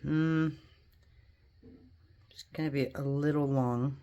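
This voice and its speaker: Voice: medium pitch, a little slow, pauses often, a little hiss or hum. A polymer clay crafter in a home studio, casually thinking aloud and chatting to viewers while working.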